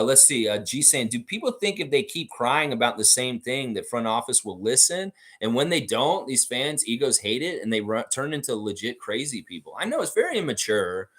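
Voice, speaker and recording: Brief: male live-stream sports host, lively swooping pitch, profane and ranting, reads chat comments aloud. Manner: animated, profane, mocks fans with whiny high baby voices. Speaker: podcast host.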